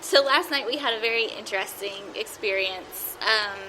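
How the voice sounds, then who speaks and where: A woman hosting a casual roundtable chat, telling stories in an animated way with quick laughs. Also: on the high side, slight background noise, poor audio. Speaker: podcast host.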